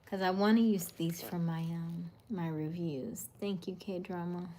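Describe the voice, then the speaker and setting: A soothing, chatty woman in her thirties hosts a livestream and greets viewers by name. Her voice sits a little low and often sinks to a soft murmur between comments. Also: fairly even intonation, unhurried, a little hiss or hum. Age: 30s. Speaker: livestream host. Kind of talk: casual live chat reading comments.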